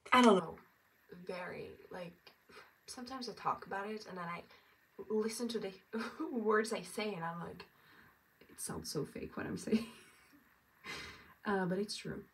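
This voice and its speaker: Young woman vlogger, unhurried self-amused rambling, gravelly fry, recorded from across the room. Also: mid-range voice, fairly bright tone. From France and Norway. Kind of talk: get-ready-with-me chat. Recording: distant mic with faint ambience.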